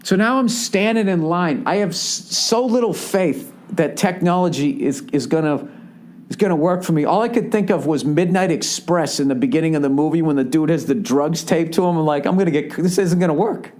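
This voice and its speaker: A man's voice: fairly high pitch, moderate pace, a little mellow. A man in his forties hosting a podcast, telling a rambling, profane comedic story and acting out the voices of the people in it. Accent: Boston. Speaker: podcast host. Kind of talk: casual comedic monologue.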